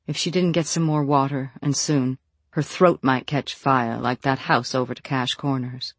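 An audiobook narrator reading a novel in an even, measured voice. The mic is close and the sound is dry, with no room around it. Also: mid-range voice, dry recording.

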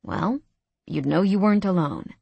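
A woman's voice: fairly low pitch, normal speed, creaky, slightly rough, no echo, dull audio. A woman voicing a playful, teasing young man in an audiobook. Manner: teasing, easygoing.

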